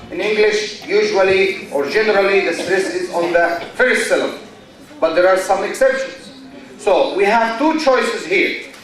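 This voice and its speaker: A man's voice: high voice, a bit bright. A man lecturing a university class, asking the students questions, answering them himself and repeating key phrases. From Egypt. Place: large university lecture hall. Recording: very echoey lecture hall, mic far off.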